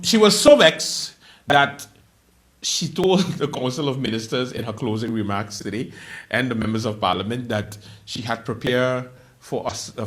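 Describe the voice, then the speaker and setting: A man hosting a late night comedy show, delivering a joking monologue with loud outbursts, laughter and quiet asides. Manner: animated, laughing, swings between loud outbursts and low asides.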